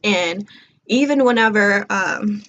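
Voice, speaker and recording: Young woman, casual storytime vlog, animated retelling, medium voice, slight background noise. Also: medium pitch, slow, highs cut off. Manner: chatty, animated retelling with quoted dialogue. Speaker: vlogger.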